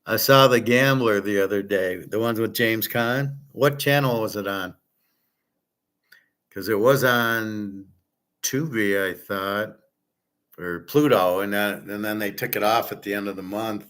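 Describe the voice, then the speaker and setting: This man speaks at a measured pace in a somewhat low voice, a stream host responding to chat. His talk is casual and rambling, unpolished and unscripted, hopping from one subject to another as he gives blunt, opinionated takes.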